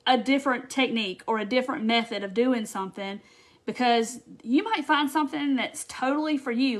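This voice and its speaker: On a laid-back craft livestream, a talkative woman chats with her viewers in a slightly high, fairly bright voice. She stays bubbly and loose, scattering "um"s and quick quoted asides throughout.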